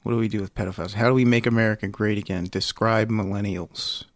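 Laid-back low-voiced man, dry mic. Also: fairly even intonation, fast talker, dry recording. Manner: laid-back, swears, reads game rules aloud. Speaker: podcast co-host. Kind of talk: comedy podcast chat.

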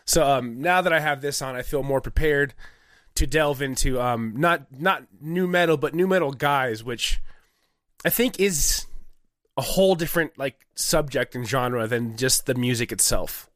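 A man in his thirties, a guest on a casual comedy podcast, who talks in a relaxed, rambling, self-mocking way. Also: medium pitch, a little slow, no room sound, clean studio sound. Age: 30s.

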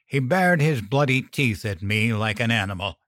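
A man narrating a first-person horror story in a measured, grim manner. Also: medium pitch, lively intonation, a bit bright, dry recording, clean studio sound.

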